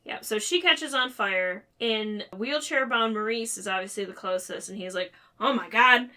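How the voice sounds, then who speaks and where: A young adult woman co-hosting a podcast, retelling a story in an animated way and playfully quoting the characters. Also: medium pitch, moderate pace. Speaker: podcast co-host. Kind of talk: casual book discussion.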